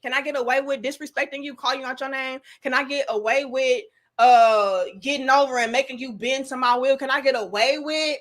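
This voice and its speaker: A woman hosting a casual livestream, reading chat comments and giving blunt, profane, animated advice. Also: high voice, a little fast, few pauses.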